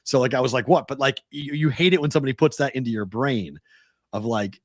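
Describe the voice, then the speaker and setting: A man's voice: mid-range voice, fast talker, no echo, studio quality. A man hosting a podcast in casual chat, rambling and often repeating his words. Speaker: podcast host.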